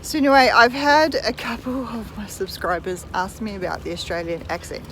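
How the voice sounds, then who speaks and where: A woman in her thirties from New Zealand, with a Kiwi accent, chats casually as a vlogger while walking outdoors and filming on her phone. Her mid-range voice keeps a fairly even intonation at a moderate pace. Soft music plays in the background of this low-quality recording.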